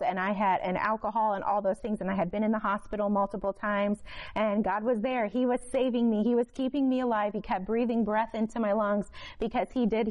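A woman from Florida giving a spoken faith testimony to a congregation, emotional and halting, with many fillers and restarts. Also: medium pitch, a little mellow, poor audio. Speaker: testimony speaker.

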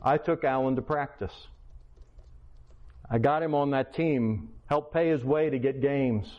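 A man, a teacher, tells a personal testimony as a preacher, in an animated, conversational way and acting out quotes, in a slightly dull lo-fi recording. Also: medium pitch, measured pace. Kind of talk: testimony storytelling to a congregation.

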